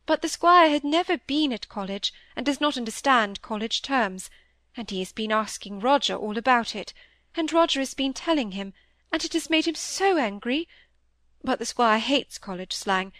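A woman voicing a gentle middle-aged mother, plaintive and soft, tumbling on in distress. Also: on the high side, animated, moderate pace, no echo, studio quality. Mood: tearful. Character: tearful gentle middle-aged mother, anxious for her son.

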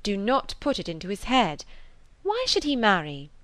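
A woman reading as a lively, headstrong young woman who talks emphatically and exclaims often. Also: medium pitch, normal speed, no echo. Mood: indignant. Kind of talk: audiobook character reading.

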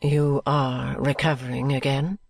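A woman reading a storybook, voicing a proud middle-aged aristocratic lady who speaks slowly, low and measured. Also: level tone, creaky, breathy edge, no echo, heavily acted. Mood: kind.

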